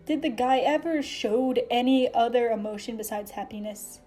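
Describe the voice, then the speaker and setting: A woman reading fan fiction aloud, expressive, with sarcastic asides. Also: a little high, normal speed, soft background music. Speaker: reader.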